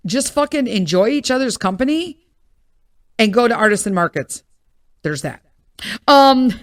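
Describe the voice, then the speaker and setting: A woman hosting a podcast, telling a story in a casual, profane and exasperated rant. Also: a little high. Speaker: podcast host.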